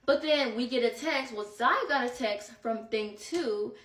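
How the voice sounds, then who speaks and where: A young woman telling a story in a casual storytime vlog, animated and exasperated as she recounts it. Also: on the high side, a little slow. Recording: echoey room, far from the mic.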